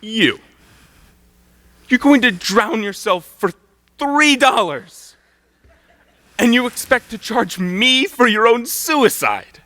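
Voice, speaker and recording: An exasperated proper gentleman, played by a teenage boy, reacts with huffy incredulity. The voice is high, swooping and bright. The lines are performed on a school stage and sound dry and close. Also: lively intonation, takes it slowly, pauses often, no room sound, full character voice. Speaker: student stage actor. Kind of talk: live school stage play.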